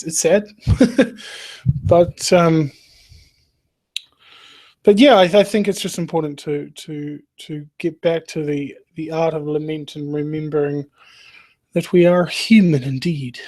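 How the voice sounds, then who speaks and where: A man hosting a podcast, talking through a reflective monologue in an earnest, halting way, with frequent restarts and soft laughs. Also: a little high. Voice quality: emotional, earnest. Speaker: podcast host.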